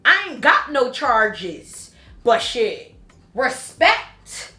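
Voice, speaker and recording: A woman in her late twenties from the United States telling a story on her vlog, blunt and profane, swinging between earnest warnings and animated outbursts. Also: fairly high pitch, normal speed, faint music behind. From Haitian American, United States. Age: 20s. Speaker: vlogger. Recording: roomy echo.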